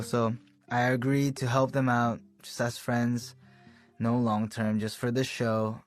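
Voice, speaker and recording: A young man recounting his band's beginnings in a relaxed, chatty storytelling manner, laughing now and then. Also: mid-range voice, measured pace, faint music behind. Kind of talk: casual storytelling.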